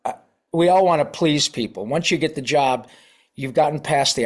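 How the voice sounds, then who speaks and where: Middle-aged man, voice-actor guest, animated raconteur with a lightly raised pitch. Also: fairly quick, slightly rough. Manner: animated, acts out quoted voices. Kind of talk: casual interview storytelling.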